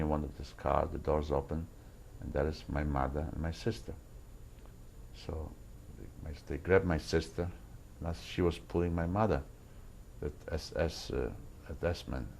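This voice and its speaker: Deep gravelly old man, halting testimony. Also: steady tone, a little mellow, a little hiss or hum, rough recording. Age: older. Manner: halting, repeats words while searching for them. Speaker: interviewee recounting wartime memories. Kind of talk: personal testimony.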